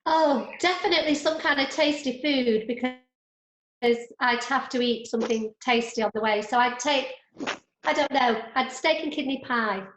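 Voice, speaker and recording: Woman audience member, high voice, eager answer, heard in a room with plenty of echo. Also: moderate pace, fairly bright tone. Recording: echoey room.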